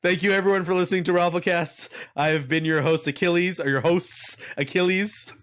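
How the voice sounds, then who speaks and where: A man's voice: high-pitched, fairly even intonation, brisk, a bit bright. A man hosting a casual comedy podcast, self-mocking and crude, swearing freely as he riffs. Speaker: podcast host.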